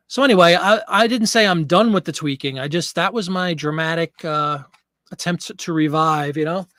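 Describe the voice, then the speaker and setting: A man's voice: fairly high pitch, a bit bright, dry recording, clean studio sound. A man hosting a casual live stream, chatting with viewers and a bit out of breath. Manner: chatty, reads viewer comments. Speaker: livestream host.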